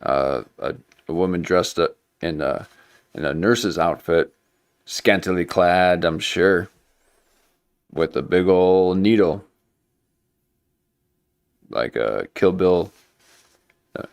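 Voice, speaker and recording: A man's voice: low voice, animated, slow, pauses often, smooth. A man hosting a livestream, rambling through loose, joking commentary with many restarts. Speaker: livestream host. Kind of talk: casual conspiracy commentary.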